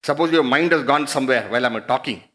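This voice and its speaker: A man's voice: mid-range voice, fast talker, bright, forceful tone. A man giving a spiritual discourse, teaching through rhetorical questions and emphatic repetition. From India.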